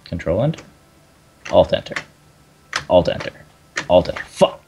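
A young man with a deep voice chats loosely over a strategy game. His pitch swings widely as he jokes and swears. The mic sounds dull and lo-fi. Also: normal speed, vocal fry, slight background noise. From Canada. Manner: animated, joking, swears and laughs often. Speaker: let's play host. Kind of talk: casual gaming chat.

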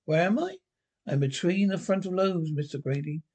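A soft-spoken, taunting alter ego that lives inside a man's head, as a man acts it out. It speaks low and hushed with a smooth, mocking calm, in a one-man dramatic script reading. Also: moderate pace.

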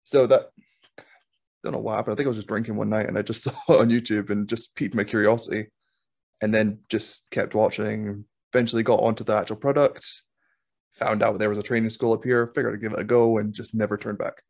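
Calm young man, easygoing. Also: on the low side, brisk, gravelly. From Scotland. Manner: calm, easygoing, laughs at himself. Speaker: wrestler, podcast guest. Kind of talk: casual interview chat.

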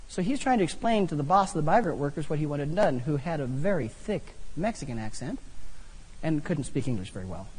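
A man preaching a sermon, telling funny personal stories with animated delivery. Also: a little high, slightly rough. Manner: animated, humorous storytelling. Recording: long hall reverb.

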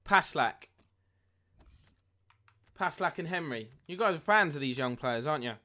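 A young man live-streaming a football game, chatting with viewers and getting excited at near misses. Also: a little high, unhurried. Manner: chatty, reads chat aloud, excitable at goals. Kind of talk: live gameplay commentary and chat.

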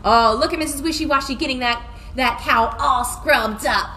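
Bright high young woman doing kids storytime, bouncy sing-song voice, slow and drawn out, faint hum behind. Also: animated. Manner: sing-song, gasping, playful and exaggerated. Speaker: children's class teacher. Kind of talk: storytime and movement class for small children.

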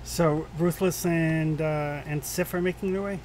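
A man narrating a tabletop game as game master, pausing often with "uh" while he describes each scene. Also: a little high, steady tone, a little mellow, a little hiss or hum. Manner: halting, lots of "uh" and restarts while describing scenes.

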